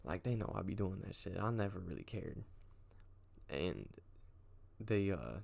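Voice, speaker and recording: Deep gravelly young man telling a story. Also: lively intonation, a little slow, darkish tone. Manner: slangy, profane, rambling. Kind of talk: casual storytime.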